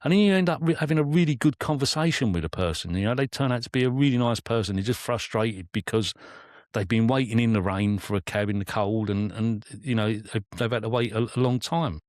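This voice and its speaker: A man's voice: mid-range voice, a little fast, darkish tone, dry recording, studio quality. A man, a cab driver co-hosting a casual chat and telling anecdotes, acting out what passengers said. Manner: anecdotal storyteller, acts out passengers' lines. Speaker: London cab driver, co-host.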